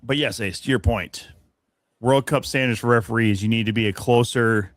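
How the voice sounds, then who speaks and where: A man's voice: mid-range voice, moderate pace, no room sound. Man, podcast co-host, rants and swears freely, laughs a lot, dry mic. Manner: profane, ranting, laughs often. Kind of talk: casual sports chat.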